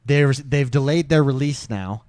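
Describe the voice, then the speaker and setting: A man co-hosting a casual gaming podcast, ranting in an animated way. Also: mid-range voice, measured pace, no room sound. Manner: animated, ranting, mocking impressions. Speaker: podcast co-host.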